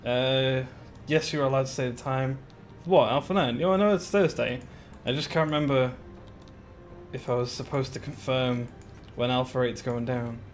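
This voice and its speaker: A man's voice: mid-range voice, normal speed, slight background noise. A man chatting casually on a live stream while building in a game, greeting viewers by name with giggly asides.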